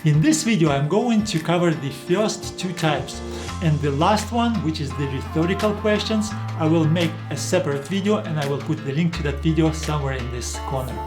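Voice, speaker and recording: A man teaching a video lesson, patiently explaining and slowing down to spell out words. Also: fairly high pitch, music in the background. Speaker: Greek teacher.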